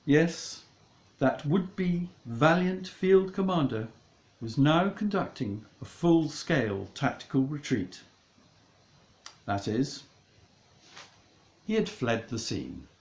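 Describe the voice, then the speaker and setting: A man narrating a comic storybook in a mock-dramatic, deliberate way. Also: on the high side, sing-song, darkish tone, roomy sound, low-quality recording.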